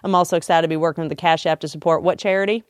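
A woman's voice: fairly low pitch, fairly even intonation, no room sound, studio quality. A woman hosting a podcast, reading a sponsor ad in a playful, joking way and laughing often. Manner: joking, laughs often, rushes through ad copy. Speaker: podcast host. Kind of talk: playful ad read.

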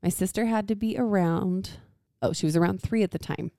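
Mellow-voiced woman in casual chat. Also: mid-range voice, brisk, creaky, dry recording, clean studio sound. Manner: chatty, laughs often. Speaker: podcast co-host.

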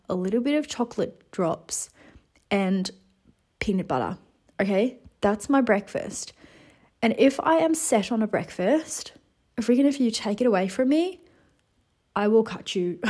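A 28-year-old woman from the Netherlands, giving a casual motivational monologue with chatty, animated storytelling. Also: medium pitch. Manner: chatty, animated storytelling with lots of "you know" and "like". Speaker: wellness vlogger.

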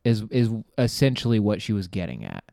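A man's voice: on the low side, sing-song, fairly quick, vocal fry, dark tone, dry recording, clean studio sound. A man hosting a podcast, telling a rambling, profane comic story and laughing at his own jokes. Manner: rambling, profane, trails off and restarts. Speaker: podcast host. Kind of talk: casual comedic storytelling.

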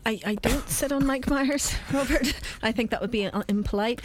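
A woman co-hosting a casual film discussion, quick and chatty. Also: on the high side. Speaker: podcast co-host.

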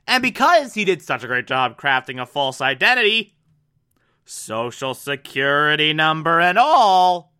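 A man's voice: fairly high pitch, sharp tone, clean tone. A man giving an enthusiastic, casual recap and review of a TV episode, with sudden asides and the odd swear.

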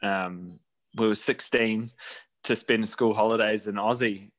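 A man's voice: fairly low pitch, fairly even intonation, unhurried, a bit bright. Rambling man telling travel stories. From New Zealand. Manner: rambling with fillers and restarts. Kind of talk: casual chat, storytelling.

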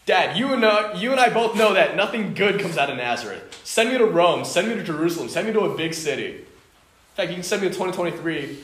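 A man's voice: sits high, expressive, fast talker, a bit bright, pitched above the performer's own voice. A man doing a whiny young man begging his dad. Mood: whining. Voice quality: whiny, bargaining. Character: pampered young man pleading with his father for comforts. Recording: echoey room, faint noise.

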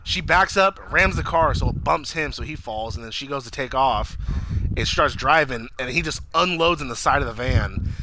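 A man's voice: mid-range voice, expressive, normal speed. A man in casual chat recapping a TV episode, swearing, laughing and acting out quotes in big voices. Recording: noisy recording.

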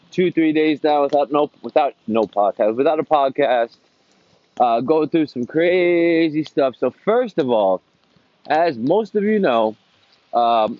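A man's voice: high voice, highs cut off, background noise. A man hosting his own podcast, ranting casually and with a lot of swearing while he walks outdoors in the rain. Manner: profane, ranting, rambling. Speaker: podcast host. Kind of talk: casual monologue.

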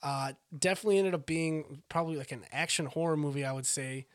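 A young man co-hosts a podcast in a slightly high voice. He rambles along casually, stops often, and restarts his sentences. His delivery is loose and unpolished. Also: quick pace, dry recording, studio quality. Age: young adult. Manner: rambling, hesitant, full of restarts. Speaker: podcast co-host. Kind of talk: casual chat.

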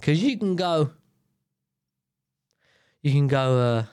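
A man's voice: on the high side, expressive, slow, a little mellow, clear, resonant tone, no room sound, clean studio sound. A young man talking alone in a casual, rambling monologue, swearing often and breaking off his own sentences. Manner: rambling, swears a lot, self-interrupting. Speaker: solo podcaster.

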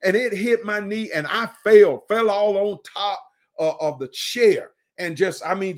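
Earnest preaching man, fairly high voice. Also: lively intonation. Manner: earnest, repeats and restarts phrases, slows for emphasis. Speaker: preacher and podcast host. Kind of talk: conversational podcast sermon.

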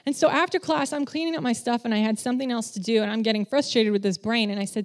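A woman gives a chatty sermon in a voice on the high side, moving at a quick pace. She serves in children's ministry, speaks candidly with self-deprecating humor, and animatedly voices the people she quotes.

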